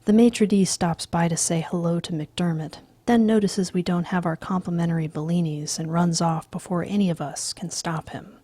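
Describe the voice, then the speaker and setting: Woman reading a book out loud, slow and deadpan, husky low voice, very dry sound. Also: no echo. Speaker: reader. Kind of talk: audiobook reading.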